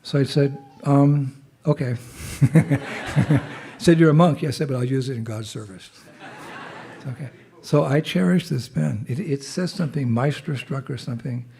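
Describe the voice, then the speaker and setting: With a creaky, warm voice at medium pitch and ordinary speed, a visiting monk suffering from a cold clears his throat as he talks informally to a temple gathering. He tells a chatty, laugh-filled story and leads the crowd in jai call-and-response cheers.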